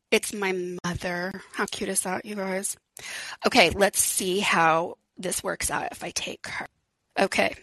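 A woman's voice: medium pitch, fairly bright tone, no echo, rough recording. A woman hosting a live call-in podcast, talking frankly and chattily, laughing often and swearing casually. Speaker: podcast host.

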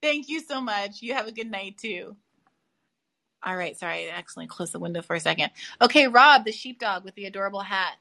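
A woman's voice: medium pitch, fairly bright tone. A woman hosting a live call-in podcast, upbeat and joking with callers. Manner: quick, upbeat, jokey with callers. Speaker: podcast host taking calls. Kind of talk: casual call-in chat.

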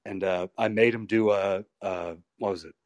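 Low-voiced man telling rambling wrestling stories. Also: moderate pace, no room sound. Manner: rambling, profane, animated retellings. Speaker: pro wrestler guest. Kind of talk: candid storytelling interview.

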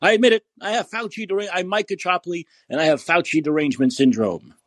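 A man hosting a podcast who rants angrily and curses, repeating himself for emphasis in a husky voice. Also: a little high, sing-song, fast talker, dry recording. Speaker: podcast host. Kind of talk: angry political rant.

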